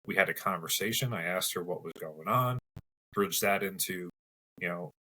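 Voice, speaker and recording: Low-voiced male paramedic podcast host. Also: moderate pace, pushed and bright, slightly rough, low-quality recording. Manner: storytelling, conversational, practical. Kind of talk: casual podcast discussion.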